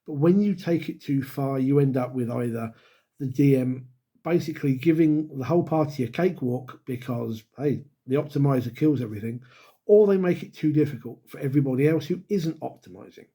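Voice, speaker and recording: A man's voice: mid-range voice, a little fast, mellow. A middle-aged man from the UK, hosting his own channel and talking straight to camera with candid, wry opinions and the odd sigh. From United Kingdom. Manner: wry, candid, with sighs and dry asides. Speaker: YouTube host and dungeon master. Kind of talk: opinionated solo talk to camera.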